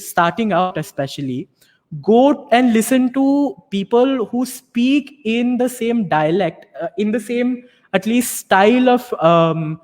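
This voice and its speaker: A man's voice: sits high, darkish tone, long reverb tail. A man giving an explanatory advice talk to students and parents, often checking in with rhetorical questions. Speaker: panel speaker on learning English.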